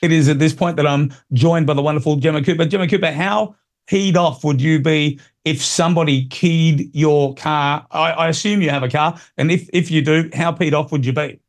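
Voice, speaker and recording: A man's voice: on the high side, moderate pace. Blunt man hosting talk radio. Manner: blunt, opinionated, repeats himself. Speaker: radio talk show host. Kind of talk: casual radio commentary.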